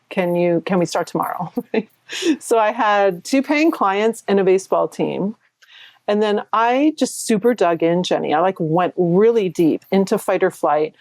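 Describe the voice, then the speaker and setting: A woman in her sixties from New Hampshire, a performance coach telling her story as an interview guest in a chatty, animated way with frequent laughs. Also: fairly low pitch, no room sound. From New Hampshire, USA. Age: 60s. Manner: chatty, laughs often, animated retelling with quoted voices.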